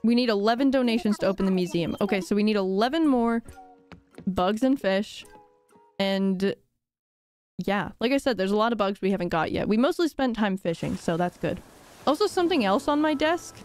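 A woman's voice: mid-range voice, expressive, moderate pace, a little mellow. A young woman chatting casually on a live game stream, rambling and laughing often with dramatic sighs. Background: faint game music.

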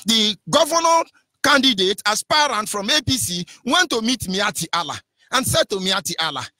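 Nigerian man, radio host, high bright voice, fiery political commentary, rhetorical questions, preachy. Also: big pitch swings, moderate pace, no room sound. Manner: fiery, preachy, with many rhetorical questions and sing-song rises.

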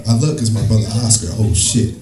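A man's voice: fairly low pitch, a little fast, crowd noise. Profane man doing stand-up in an echoey club. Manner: profane, animated, acts out characters. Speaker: stand-up comedian. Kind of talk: stand-up comedy set. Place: comedy club stage. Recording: echoey live room, distant, music behind.

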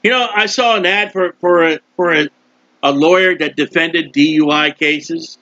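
High-voiced, bright preacher. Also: male voice, moderate pace, dry recording, dull audio. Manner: impassioned, acts out prayers and quotes. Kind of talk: sermon.

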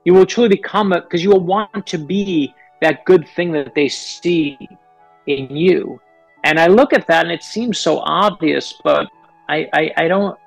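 Middle-aged author from New York, gravelly, earnest interview storytelling, dry close sound. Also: male voice, fairly high pitch, no echo, rough recording. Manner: earnest, animated storyteller, quotes people in his stories. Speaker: author guest.

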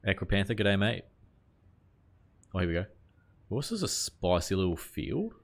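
A man talks to his audience over a live game stream, his voice sitting a little low. He drifts between chat and play-by-play in a loose, offhand way, with the odd bit of mild swearing. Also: moderate pace. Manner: relaxed, chatty, greets viewers while playing, mild swearing. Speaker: livestreamer. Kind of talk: casual live game commentary.

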